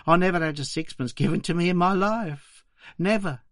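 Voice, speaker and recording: A man's voice: high-pitched, moderate pace, fairly bright tone, no echo, studio quality, voice pushed up. A man voicing a poor young orphan flower girl with an English accent, answering plainly and politely in a documentary reading. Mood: earnest. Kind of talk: documentary reading of a quoted interview.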